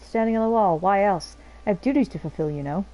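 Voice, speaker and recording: A woman voicing a grumbling male soldier on guard duty while reading game dialogue aloud, gruff and complaining. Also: medium pitch, fast, dark tone, lightly acted, low-quality recording.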